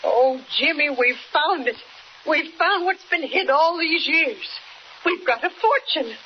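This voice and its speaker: An actress playing a fretful, excitable countrified older aunt with a folksy way of talking, in a 1940s radio drama on an old recording. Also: female voice, high voice, unhurried, dull audio, slight background noise. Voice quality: folksy, flustered.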